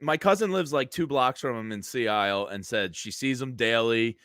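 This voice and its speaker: A man's voice: medium pitch, normal speed, a bit bright, no echo, studio quality. A man in his thirties joining as a guest on a casual sports chat, easygoing and jokey, laughing along. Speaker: guest, radio host.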